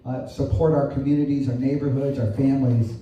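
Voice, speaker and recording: Echoey preacher, dark distant voice. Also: male voice, mid-range voice, level tone, fairly quick, lo-fi sound, a little hiss or hum. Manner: conversational, asks rhetorical questions, frequent "right?". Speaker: pastor. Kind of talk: sermon. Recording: echoey distant room sound.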